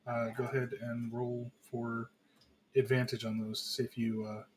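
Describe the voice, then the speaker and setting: A man running a tabletop game as dungeon master, making brisk, easygoing rules calls. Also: mid-range voice, little pitch movement, slight background noise.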